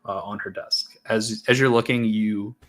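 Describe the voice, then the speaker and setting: A man's voice: on the low side, steady tone, moderate pace, fairly bright tone. A man narrating a tabletop game as game master, casual, with many fillers and restarts.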